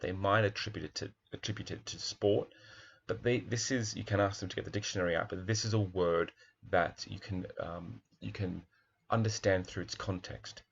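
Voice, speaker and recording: A man's voice: low-pitched, creaky, dull audio, slight background noise. A male primary teacher talking through a children's picture book, reflective, with many fillers and restarts.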